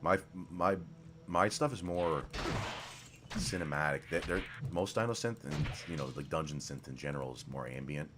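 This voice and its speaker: A man's voice: very deep voice, lively intonation, moderate pace, music in the background. A man casually commenting while streaming a game, rambling and swearing, with mumbled asides, speaking into a desk microphone.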